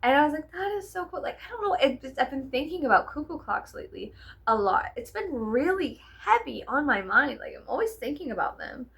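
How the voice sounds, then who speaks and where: A woman's voice: high-pitched, big pitch swings, fairly quick, vocal fry, fairly bright tone. A young woman with a Southern US accent, chatting casually to camera at home, rambling, swearing, and slipping into whispers. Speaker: vlogger.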